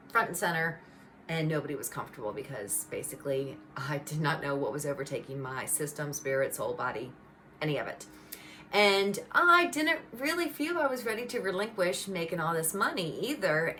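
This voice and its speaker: A middle-aged woman telling a personal faith testimony in a lively, chatty storytelling way. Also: fairly low pitch, slight background noise. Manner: animated, conversational storytelling with lots of "like" and "you know". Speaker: speaker giving a personal testimony.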